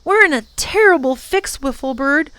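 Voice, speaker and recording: A man's voice: extremely high pitch, expressive, normal speed, sharp tone, no room sound, voice pushed up, exaggerated voice. A woman reading aloud and voicing an eager young boy who speaks in breathless, urgent bursts. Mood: excited.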